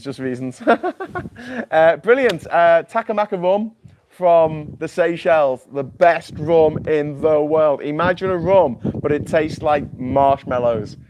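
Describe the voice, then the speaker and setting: Over a noisy background, a man with a mid-range voice hosts a livestream from an island home without mains power. The chat is casual, jokey, and rambling, and he often repeats words as he starts sentences.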